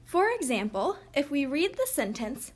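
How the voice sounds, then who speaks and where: A woman teaching a recorded lesson, speaking slowly and clearly for young children. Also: high-pitched, big pitch swings, a little hiss or hum.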